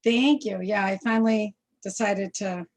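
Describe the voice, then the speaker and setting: A woman's voice: medium pitch, steady tone, measured pace. A retired older woman trading friendly greetings and small talk with fellow congregants, repeating her short replies. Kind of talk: casual chat.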